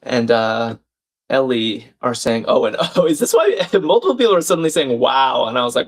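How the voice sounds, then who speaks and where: A man's voice: medium pitch, lively intonation, fairly quick. A man hosting a live crossword stream, thinking aloud, reading out viewers' chat comments and laughing often.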